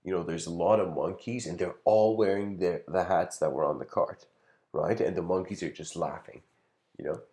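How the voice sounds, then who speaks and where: A man's voice: low voice, steady tone, normal speed, warm tone. A man giving a casual lecture, telling a story in a rambling way with lots of filler words and frequent chuckles.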